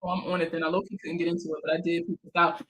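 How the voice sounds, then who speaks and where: Bright-voiced woman hosting a casual live chat. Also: lowish voice, flat delivery, rapid-fire, low-quality recording. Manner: slangy, swears freely, laughs often; reads viewer comments aloud and answers them.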